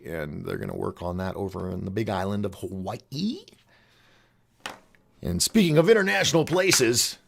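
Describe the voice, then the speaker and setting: A man with a deep, gravelly voice hosts a call-in show in a casual, rambling monologue. He restarts and trails off, frequently giggling at his own jokes.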